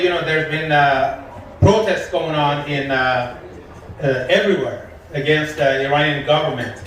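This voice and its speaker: An Iranian man delivers a live stand-up set with a fairly high voice, telling deadpan stories about the people he meets. He sounds distant from the mic, and the lounge gives his voice a heavy echo with faint noise behind it. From Iran. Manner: deadpan storytelling, quoting people in his jokes. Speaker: stand-up comedian. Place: comedy lounge stage. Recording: echoey room from far off, faint noise.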